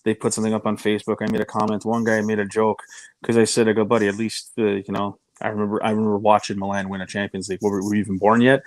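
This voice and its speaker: A man's voice: lowish voice, very fast, no echo. Joking man telling stories, dry mic. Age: 30s. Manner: joking, animated, acts out voices in anecdotes. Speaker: podcast co-host. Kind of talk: casual storytelling chat.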